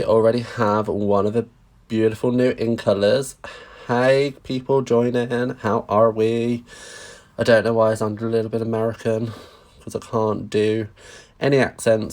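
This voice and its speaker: A man's voice: on the low side, steady tone, a little fast, a little mellow. A man chatting casually through a live-stream stamping craft demonstration, greeting viewers and making self-deprecating asides.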